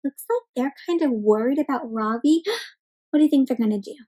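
A woman's voice: high voice, expressive, normal speed, mellow, low-quality recording. A woman reading a picture book aloud to children, asking them questions and calling them "my friends" in an encouraging, teacher-like way. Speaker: children's story reader. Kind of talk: interactive read-aloud for kids.

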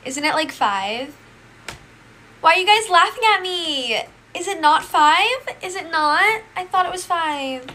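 A woman's voice: very high voice, lively intonation, a little slow, bright, forceful tone, full character voice. A woman playing a flustered, scatterbrained schoolgirl who calls herself quirky in a comedy skit. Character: klutzy self-proclaimed quirky schoolgirl.

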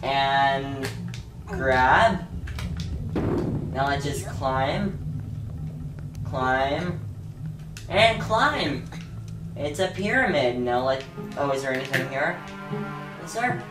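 A woman gives casual let's play commentary, chatting to herself and breaking into sudden excited yelps. Her voice is low and her talk is unhurried. It is recorded in an echoey room with game music under it.

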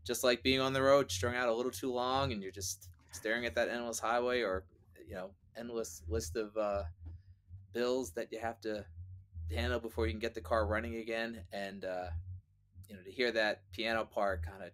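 A man's voice: fairly low pitch, steady tone, normal speed, fairly bright tone, slight background noise. A man, a guest musician on a podcast, talking reflectively and thoughtfully about a song in casual conversation. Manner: reflective, thoughtful, chuckles often.

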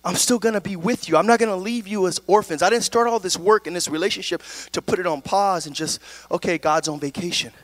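Man, preaching sermon, high-pitched voice, dry recording. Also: fairly quick, a bit bright, dry recording. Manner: preaching with call-and-response "amen?" and "right?". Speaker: pastor.

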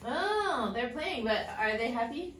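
A woman's voice: a little high, lively intonation, unhurried, a bit bright. Encouraging woman teacher reading a storybook. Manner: patient, encouraging, asks simple questions. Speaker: English teacher. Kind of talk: reading a storybook aloud to young learners. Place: classroom with young children. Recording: echoey room, far from the mic, faint noise.

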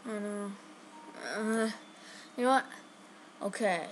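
A woman giving chatty, excitable live commentary on her own game, talking straight to her viewers. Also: mid-range voice, slow, background noise. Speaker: gaming channel host.

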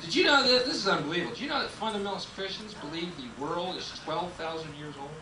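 A man's voice: high voice, quick pace. A man doing a sardonic, profane stand-up routine, slipping into mocking voices of the people he talks about. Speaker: stand-up comedian. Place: comedy club stage with a laughing audience. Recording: roomy live recording from a distance, loud crowd and noise.

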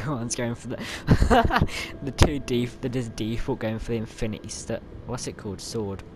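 A young man giving excitable live commentary over his gameplay, yelling at other players and grumbling when things go wrong. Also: medium pitch, a little slow, heavy background noise. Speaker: gamer. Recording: game sounds loud behind voice.

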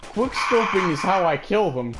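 A man's voice: high voice, lively intonation, normal speed. Boastful joking male gamer. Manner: joking, boastful trash talk. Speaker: gamer streaming a match. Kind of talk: casual gameplay chat. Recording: clear background noise.

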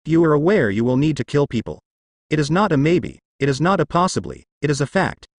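Give me a detached boy ninja with an icy, level voice as a man reads him out, speaking in a calm, clipped way from a dry, close recording in a storybook reading. Dead calm, with almost no warmth behind it. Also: fairly high pitch, a little fast, dry recording. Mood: cold. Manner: flat, calm, clipped delivery. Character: cold, apathetic young male ninja.

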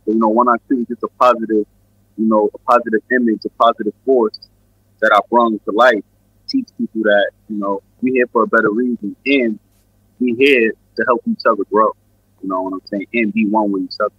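A man's voice: lowish voice, fairly even intonation, fairly quick, breathy edge, dry recording, lo-fi sound. A man from New York with a New York accent, a guest musician rambling in a laid-back, casual interview full of fillers. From Queens and Brooklyn, New York.

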